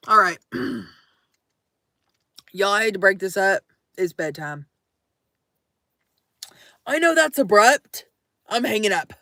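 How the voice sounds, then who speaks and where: A woman's voice: mid-range voice, animated, slow, pauses often, pushed and bright, dry recording, clean studio sound. A young adult woman live streaming late at night, reading chat aloud in a playful, theatrical way.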